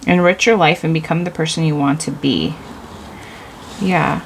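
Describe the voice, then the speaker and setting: A woman's voice: low-pitched, fairly even intonation, moderate pace, slight background noise, poor audio. A woman giving a casual, intuitive tarot reading, rambling loosely and leaning on filler words as she goes. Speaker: tarot reader.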